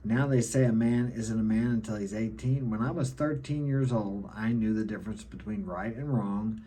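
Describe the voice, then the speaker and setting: A middle-aged American self-help vlogger speaks to camera at a moderate pace in a fairly low, mellow, slightly rough voice. His opinionated monologue lectures, often closing points with a checking "okay?".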